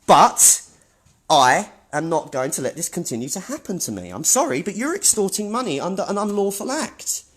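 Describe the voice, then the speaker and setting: A man's voice: high voice, sing-song, normal speed, fairly bright tone, breathy edge. A man filming himself as he argues with staff inside a public office building, indignant and repetitive. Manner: indignant, argumentative, repeats himself. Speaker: self-filming activist. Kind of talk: confrontational self-filmed commentary.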